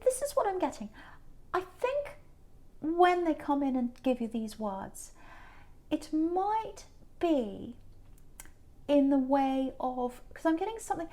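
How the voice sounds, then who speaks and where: A woman reads tarot cards to camera, speaking earnestly and circling back to repeat her points. Her voice sits a little high. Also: warm tone. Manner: earnest, repeats herself for emphasis. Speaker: tarot reader.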